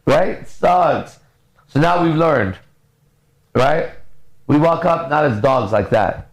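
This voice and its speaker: Blunt, gravelly-voiced male coach. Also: fairly high pitch, slow, low-quality recording. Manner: blunt, profane, lively storytelling. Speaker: mindset and relationship coach. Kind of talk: casual podcast advice talk.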